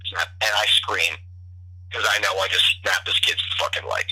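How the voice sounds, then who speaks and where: A man's voice: sits low, steady tone, moderate pace, sharp tone, husky. A young man telling stories in casual, profane chat, rambling with many restarts, heard through a phone call. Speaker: podcast guest, bartender. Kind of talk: casual storytelling over the phone. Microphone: telephone. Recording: tinny phone line.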